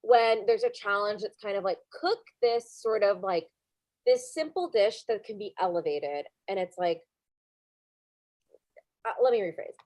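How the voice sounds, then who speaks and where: A woman's voice: mid-range voice, lively intonation, a little slow, long pauses, a little mellow, dry recording. A woman co-hosting a podcast, rambling through a cooking show recap with fillers and self-corrections. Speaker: podcast co-host.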